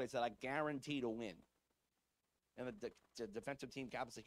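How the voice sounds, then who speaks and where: A man's voice: medium pitch, fast, no echo. A man preaching a sermon as pastor, telling a story in a casual, conversational way with frequent asides. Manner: conversational storytelling, fillers like "like" and "right?".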